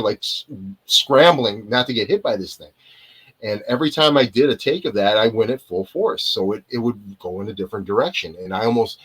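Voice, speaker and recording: This male actor's voice is husky and medium in pitch, captured on a low-quality recording. Telling stories as an interview guest over video call, he rambles through casual live-interview anecdotes, drifting off his point often and then finding his way back.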